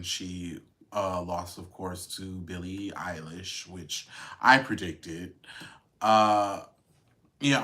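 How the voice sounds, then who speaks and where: A man's voice: sits low, fairly bright tone. A man hosting a podcast, chatting casually and wryly about celebrity news. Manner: chatty and wry, with lots of fillers and laughs. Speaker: podcast host. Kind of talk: casual gossip commentary.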